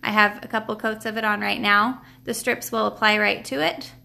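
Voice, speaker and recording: A woman's voice: medium pitch, fairly even intonation, moderate pace, creaky, bright, forceful tone. A woman hosting a casual live stream tutorial at home, chatty and rambling, with lots of fillers and restarts. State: a bit out of breath. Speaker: nail product seller and live stream host. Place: at home, seated at a table.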